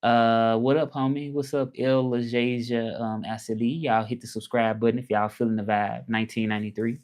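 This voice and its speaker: A Memphis livestreamer with a Southern accent talks loosely and welcomes viewers from his laptop inside. His medium-pitched voice is a little mellow, moves little in pitch, and keeps a normal speed.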